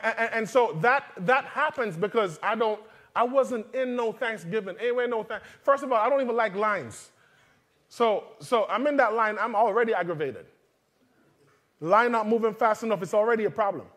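A man's voice: high-pitched, a bit bright. A man preaching a sermon, moving between conversational storytelling with humorous asides to the congregation and reading scripture aloud. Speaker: father.

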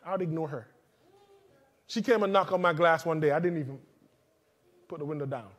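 High-voiced man preaching a chatty sermon. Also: brisk, a bit bright. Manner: conversational storytelling, humorous asides to the congregation. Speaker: father.

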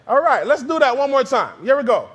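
A pastor preaching in a church, leading the congregation in call-and-response and repeating phrases slowly. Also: male voice, extremely high pitch, big pitch swings, a bit bright, husky. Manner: slow, drawn-out delivery with repetitions. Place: church sanctuary.

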